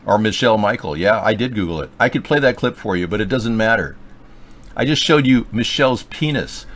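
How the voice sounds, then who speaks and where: A man's voice: lowish voice, lively intonation, brisk, fairly bright tone. A man hosting a political livestream, rambling and joking with sarcasm. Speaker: livestream show host.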